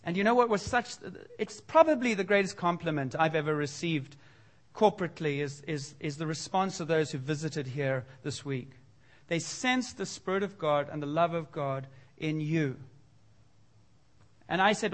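Male preacher, high voice, lively sermon delivery with voiced dialogue and loud appeals. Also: normal speed. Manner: animated preaching, voicing God and listeners, rising to loud exhortation. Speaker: pastor.

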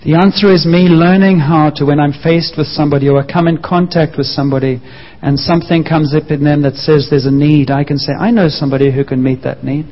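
A man's voice: on the high side, steady tone, a little fast, hardly any pauses. A man preaching a sermon, sharing his own story in an earnest, personal way. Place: church. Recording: muffled echoing church hall.

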